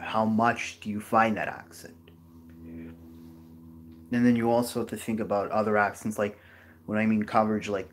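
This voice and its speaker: A man's voice: lowish voice, fairly bright tone, slight background noise. A man giving a casual geography lecture over a map, rambling with many fillers and restarts. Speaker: geography educator.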